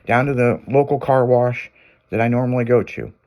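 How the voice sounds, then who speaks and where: A man's voice: medium pitch, moderate pace, a little mellow. A man hosting a radio show, telling a long crude story in loose casual talk.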